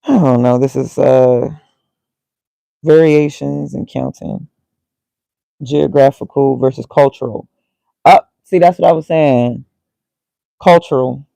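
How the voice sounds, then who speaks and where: A man's voice: mid-range voice, slow pace, gravelly, long pauses, warm tone, no echo, poor audio. A man casually thinking aloud as he reads, muttering and reacting to himself. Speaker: vlogger.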